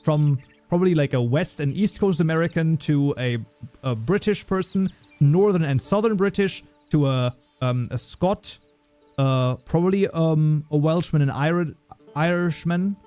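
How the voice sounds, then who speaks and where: A man's voice: a little high, moderate pace, mellow, faint music behind. A man with a German accent chatting casually on a livestream, joking around and reading viewer messages aloud. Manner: joking, reads chat aloud, many fillers. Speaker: streamer.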